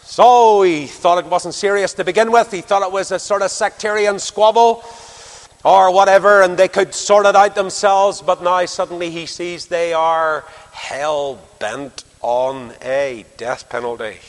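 Dramatic preacher in a reverberant hall. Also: male voice, sits high, fairly even intonation, a little slow. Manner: dramatic, acts out dialogue with rising and falling intensity. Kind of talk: sermon.

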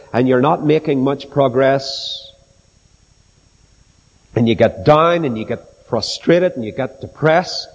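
A man's voice: high-pitched, darkish tone. A man preaching a sermon in a church hall, telling stories in a folksy, humorous way. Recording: long hall reverb.

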